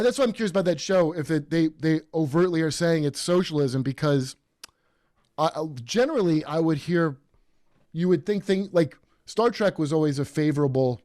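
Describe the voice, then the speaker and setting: A man hosting a podcast in casual chat, rambling and animated with many fillers and restarts. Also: on the high side, no room sound, clean studio sound. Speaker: podcast host.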